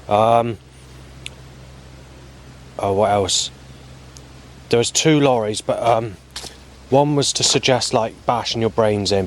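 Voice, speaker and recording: Man, lowish voice, halting and flat, recounting his day over faint street noise. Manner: halting, many ums and restarts, flat recounting. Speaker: vlogger. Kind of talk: rambling spoken log of daily events.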